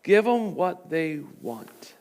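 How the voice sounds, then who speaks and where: A slow, insistent divine voice, put on by a preacher, that drags out each word. It sits fairly high and lingers over its commands. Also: male voice, very animated, gravelly, darkish tone, exaggerated voice. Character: God, patient and insistent divine voice.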